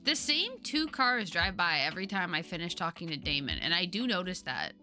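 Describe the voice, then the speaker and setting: A woman streamer chatting casually over a game, excitable and laughing often as she reacts. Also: on the low side, brisk, soft background music. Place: home streaming setup.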